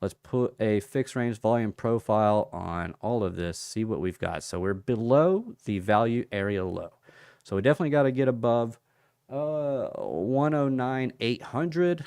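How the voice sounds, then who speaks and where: A man's voice: medium pitch, expressive, measured pace, vocal fry, a little mellow, clean tone, no room sound, clean studio sound. A man hosting a casual livestream, chatting with viewers and reading out their comments while talking through charts. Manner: chatty, reads out viewer comments and thinks aloud. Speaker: crypto livestream host.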